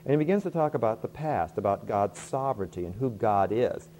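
A middle-aged man preaching with a mellow, relaxed tone. He is earnest and often doubles a word before going on. A faint hum sits under his voice. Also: on the low side, brisk. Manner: earnest, repeats words at starts of phrases. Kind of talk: sermon.

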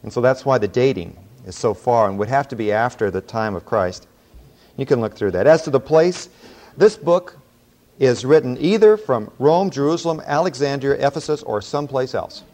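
A man teaching a Bible class, explaining a book and telling folksy stories in a relaxed, conversational way. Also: mid-range voice, moderate pace. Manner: relaxed storytelling with folksy asides.

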